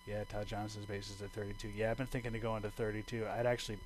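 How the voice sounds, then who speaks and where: A man teaching a bass lesson over a video call, relaxed and rambling, thinking aloud with fillers. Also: fast, a little hiss or hum, rough recording. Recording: bass guitar playing behind him.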